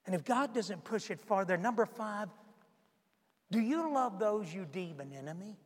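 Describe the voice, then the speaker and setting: A man's voice: high voice, lively intonation, normal speed. A man preaching a sermon to a congregation, pressing his point with repeated rhetorical questions. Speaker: pastor. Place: church sanctuary. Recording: long reverb of a large hall.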